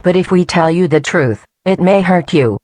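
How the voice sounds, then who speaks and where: A woman's voice: fairly low pitch, moderate pace, darkish tone, slight background noise, lightly acted. A woman playing a composed, guarded hospital staff member in an amateur audio drama. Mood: firm.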